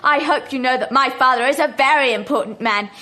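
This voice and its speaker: A shrill spoiled rich schoolgirl. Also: brisk, bright, forceful tone. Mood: haughty, furious. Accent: posh English. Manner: snobbish, shrill and whining. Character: spoiled haughty rich schoolgirl, touchy and tearful. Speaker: schoolgirl character. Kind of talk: BBC radio drama acting.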